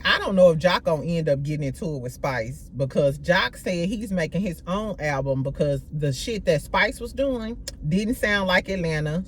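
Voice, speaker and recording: A woman's voice: lowish voice, slight background noise. A woman hosting a casual gossip podcast, brash and profane, full of slang. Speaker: podcast host.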